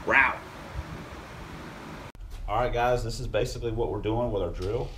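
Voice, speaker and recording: Chill guy talking through a car engine job in his shop, rambly and low-key, faint hum in back. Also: moderate pace, bright, forceful tone. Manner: laid-back, rambling, self-deprecating. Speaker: channel host. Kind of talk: casual car-project vlog. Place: home workshop.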